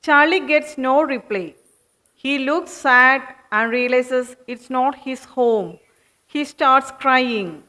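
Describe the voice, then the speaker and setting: A woman narrates a children's puppet show with a high voice. She tells the story slowly and clearly, step by step. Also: sharp tone.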